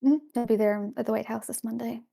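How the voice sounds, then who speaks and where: A woman co-hosting a reaction stream, adding quick, blunt, profane remarks in casual chat. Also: fairly high pitch, level tone, gravelly, mellow. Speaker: co-host.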